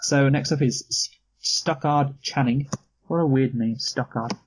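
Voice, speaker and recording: A man's voice: mid-range voice, unhurried, poor audio. A man co-hosting a casual film review chat, dry and sweary, laughing easily. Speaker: podcast co-host.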